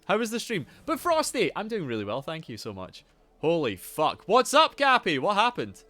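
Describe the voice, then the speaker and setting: A young man live-streaming a game, chatting casually and loudly greeting viewers by name, with a rambling, swearing manner. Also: high voice, normal speed, no room sound, soft background music. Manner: animated, loud greetings to viewers.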